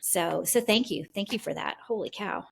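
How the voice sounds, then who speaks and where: A woman's voice: mid-range voice, normal speed, gravelly, slight background noise. A woman co-hosting a podcast who talks in an effusive, openly emotional way during casual conversation. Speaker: podcast co-host.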